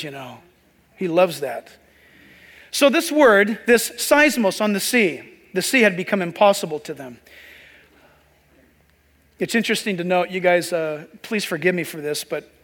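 A male pastor preaching a sermon with a very high voice. He is chatty and slips joking asides to the congregation. Long reverb rings through the hall. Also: a bit bright.

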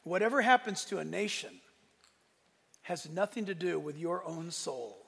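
A man's voice: sits high, moderate pace, gravelly, a bit bright, slightly rough. A man preaching a sermon as pastor, impassioned, swelling and dropping in force. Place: church sanctuary. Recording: long reverb of a large hall.

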